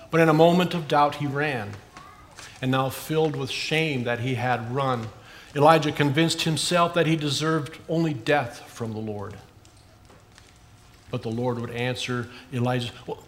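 A man preaching a sermon in an earnest way, rising for emphasis and dropping soft at the ends of phrases. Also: medium pitch, a little hiss or hum.

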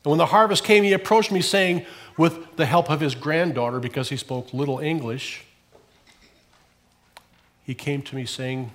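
A man's voice: moderate pace, pauses often. Male pastor, church sermon, swells and falls, story-led. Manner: storytelling preacher, swelling louder on key phrases and dropping low at ends.

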